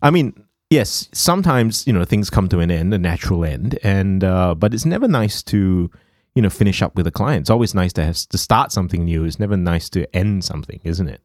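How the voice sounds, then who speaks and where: A man co-hosting a podcast, talking in an animated, rambling way and laughing easily. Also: sits low, a little fast, no echo, clean studio sound. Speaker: podcast co-host. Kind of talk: casual podcast chat.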